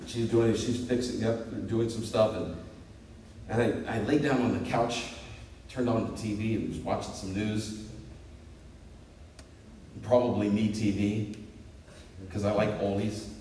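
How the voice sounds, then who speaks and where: A man in his fifties preaching a sermon as pastor, telling jokes on himself in a lively, swooping voice. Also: measured pace, pauses often, slight background noise. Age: 50s. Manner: lively, self-deprecating storytelling with swooping pitch. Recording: echoey hall picked up from a distance.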